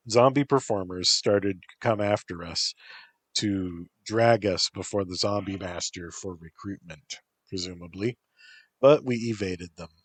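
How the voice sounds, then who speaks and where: A man reading a first-person story aloud in a deadpan, unhurried way. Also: fairly low pitch, no echo. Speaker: narrator.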